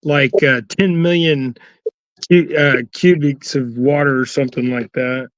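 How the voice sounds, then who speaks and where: A man's voice: medium pitch, steady tone, unhurried, no room sound. A man chatting on a livestream, telling stories in a rambling, hesitant way. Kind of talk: casual livestream chat. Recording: dry, dull call audio.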